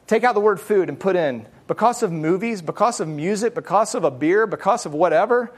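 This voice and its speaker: A man's voice: high-pitched, expressive, fairly quick. A man teaching a Bible study in an earnest, conversational way, repeating phrases for emphasis and often asking whether his point makes sense. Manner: earnest, checks in with listeners often.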